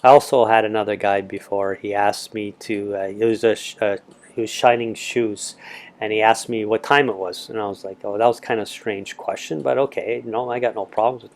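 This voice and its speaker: Middle-aged male travel vlogger, low-leaning voice, casual rambling storyteller, lots of fillers. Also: fairly even intonation, brisk, gravelly. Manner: rambling, many fillers and restarts.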